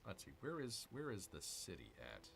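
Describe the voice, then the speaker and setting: A man's voice: deep voice, wildly swooping pitch, moderate pace, creaky, noisy background. A man hosting a casual let's-play, chatting with viewers and muttering to himself over his moves. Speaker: gaming channel host.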